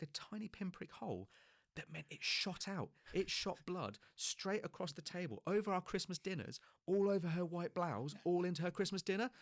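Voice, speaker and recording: Fast-talking man telling comic stories. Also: no echo, studio quality. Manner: animated, self-mocking, swears freely; acts out quoted people with pitch jumps. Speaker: podcast guest telling stories. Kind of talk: casual comic storytelling.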